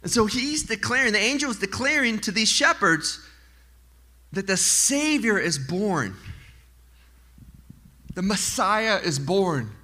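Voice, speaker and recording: A man preaching a sermon as pastor to a congregation, animated and mixing in joking asides. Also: sits high, takes it slowly, pauses often. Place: church in front of a congregation.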